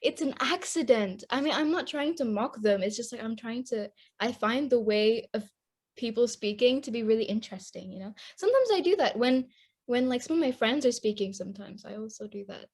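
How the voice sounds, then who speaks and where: Chatty teenage girl, high voice. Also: lively intonation, a little fast, breathy edge. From Indonesia. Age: teens. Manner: chatty, rambling, laughs often. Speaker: podcast co-host. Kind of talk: casual chat.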